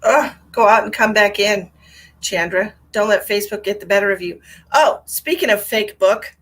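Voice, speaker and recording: A woman hosting a live stream as a psychic medium, chatting casually and greeting viewers by name with endearments, swinging between bright exclamations and low asides.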